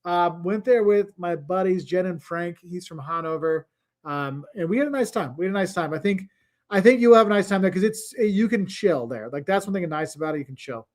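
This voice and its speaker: A man's voice: high-pitched, expressive, fairly quick. A middle-aged man hosting a casual travel livestream, chatting and rambling as he answers viewer comments.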